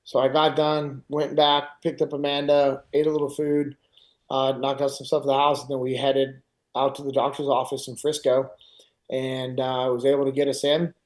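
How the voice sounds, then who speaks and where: Speaking at normal speed in a mid-range voice, a middle-aged man hosts a podcast. He casually relates a personal story in an animated way, performing the lines of the other people involved.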